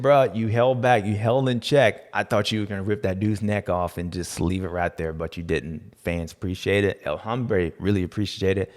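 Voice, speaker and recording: A man hosting a casual podcast recap, joking around in slangy talk with loud bursts and low asides. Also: long reverb tail. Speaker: podcast host. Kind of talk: casual race recap chat.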